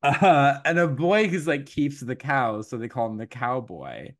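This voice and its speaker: Man retelling a folktale, animated. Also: medium pitch. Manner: animated storytelling, quick quoted voices, frequent laughs and fillers. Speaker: podcast host retelling a folktale. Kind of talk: casual chat.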